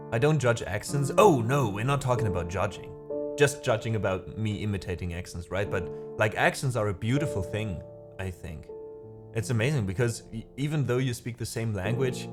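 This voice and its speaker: A man whose first language is not English, hosting a music livestream and chatting casually with viewers, rambling and laughing at himself. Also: lowish voice. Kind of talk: casual chat reading viewer comments.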